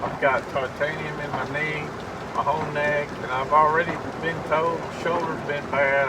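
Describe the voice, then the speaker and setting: A man's voice: a little high, heavy background noise. A middle-aged man, rambling in a casual vlog monologue from a parked car, repeating himself and swearing when he gets angry. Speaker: vlogger. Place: parked car in heavy rain.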